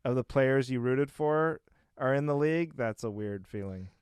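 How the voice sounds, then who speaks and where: A man in his thirties, a guest comedian chatting on a podcast and telling animated stories. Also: mid-range voice, moderate pace, smooth, no room sound. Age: 30s. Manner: animated, storytelling with acted quotes. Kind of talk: casual podcast chat.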